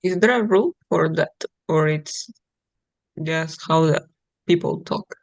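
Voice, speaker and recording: A student with a mid-pitched, gravelly voice answers a tutor in short, hesitant bits, filling gaps with soft "mm"s. The sound is dry and close. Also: a little slow, no room sound. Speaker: test-prep student. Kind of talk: one-on-one lesson.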